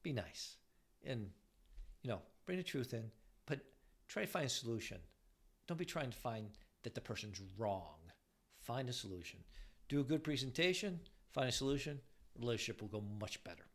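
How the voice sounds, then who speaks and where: A man's voice: mid-range voice, very animated, normal speed. An older man, married for decades, giving casual relationship advice, rambling with frequent restarts.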